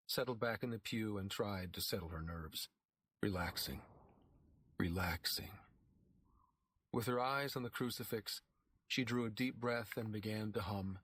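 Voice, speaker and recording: Male audiobook narrator with a measured, dramatic read. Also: lowish voice, fairly bright tone.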